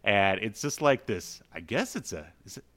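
Male podcast co-host, lowish voice, loose filler-heavy comic chat. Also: big pitch swings, normal speed, a bit bright. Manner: rambling, lots of fillers, reads dialogue aloud. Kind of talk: casual comic book chat.

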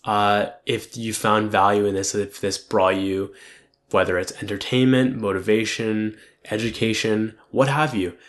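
A man's voice: fairly low pitch, steady tone, a little slow. Profane, rambling young male vlogger. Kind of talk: casual reflective monologue.

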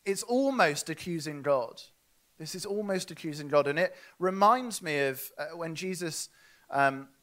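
A man's voice: a little high, a bit bright. A man preaching a sermon, earnest and asking his listeners direct questions.

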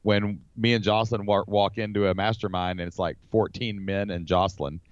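A man from the United States, a podcast guest, telling a personal story in an animated, rambling way with lots of fillers. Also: lowish voice, a little fast, clean tone, no echo. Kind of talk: casual storytelling. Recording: slightly dull dry recording.

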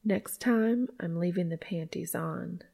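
Woman reading as a hushed, teasing lover. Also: on the low side, measured pace, creaky. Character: confident adult woman, teasing dominant lover.

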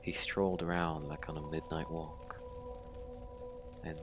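Man playing a shaken young survivor, very deep voice, halting, stammering, audio drama monologue. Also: level tone, music in the background. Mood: grim. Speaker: survivor recounting his story.

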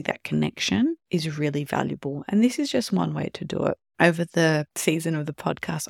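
A podcast host talking calmly on their own about relationships and now and then acting out short quoted examples. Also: medium pitch, vocal fry, no room sound, studio quality. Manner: calm explanatory, acts out short quoted examples. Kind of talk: solo podcast talk on relationships.

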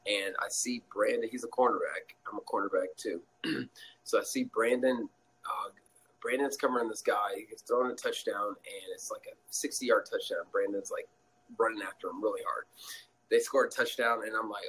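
A young man telling a story as a guest in a casual interview, animated and laughing often, acting out quotes in a high voice. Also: brisk, slight background noise, low-quality recording.

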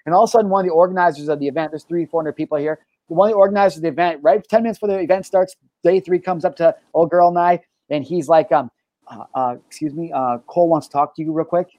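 Male live-show host, slightly high-pitched, lively swearing storyteller, dry close sound. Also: rapid-fire, no echo. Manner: energetic, animated storyteller, swears freely. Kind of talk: casual live-stream chat and storytelling.

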